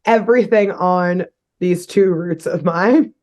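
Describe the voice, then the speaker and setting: A woman's voice: fairly low pitch, slow pace, a little mellow. A young adult woman co-hosting a podcast, recapping a cartoon episode in casual, giggly chat and swearing freely.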